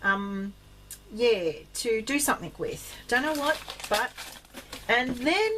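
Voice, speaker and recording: A woman's voice: slow pace, noisy background. Chatty Australian woman rambling about craft finds. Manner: chatty, rambling, many ums, bursts of excited high pitch. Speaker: craft vlogger. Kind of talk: casual rambling chat.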